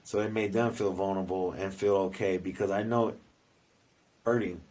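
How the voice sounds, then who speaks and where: A man's voice: low voice, fairly even intonation, normal speed, darkish tone, rough recording. A man co-hosting a podcast in casual chat, talking loosely with slang and swearing freely. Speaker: podcast co-host and youth coach.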